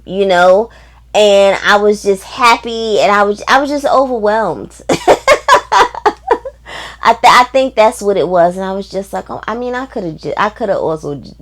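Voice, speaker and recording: A woman book vlogger talking casually and emphatically, with lots of fillers and frequent laughs. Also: mid-range voice. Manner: chatty, emphatic, many fillers; reads quotes in a voice, laughs often. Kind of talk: casual book review chat.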